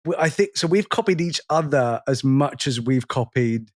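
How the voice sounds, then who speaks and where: A man in his forties with a mid-range voice and lively intonation co-hosts a podcast in casual chat. He rambles, pokes fun at himself, and is quick to laugh and quote lines.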